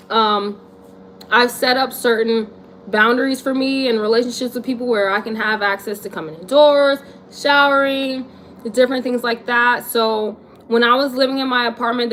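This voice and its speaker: There's slight background noise as a young woman in her twenties, a vlogger, answers viewers during a livestream. She has a fairly high, fairly bright voice and chats in a relaxed, slangy way.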